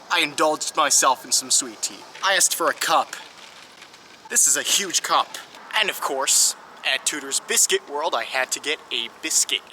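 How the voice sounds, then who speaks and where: Male travel vlogger, keen tour-guide delivery, higher pitch, crisp, a faint hum behind. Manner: enthusiastic, guide-like explaining. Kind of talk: travel vlog narration.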